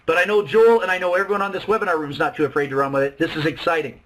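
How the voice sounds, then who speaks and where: A man presenting a network marketing plan to a webinar audience, excited and emphatic, often acting out both sides of a conversation. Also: fairly high pitch, very fast, rough recording. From Canada. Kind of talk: animated sales pitch to a webinar.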